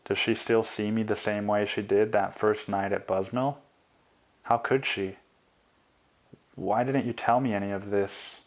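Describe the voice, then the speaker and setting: Lower-voiced man narrating a memoir. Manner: quiet and confessional.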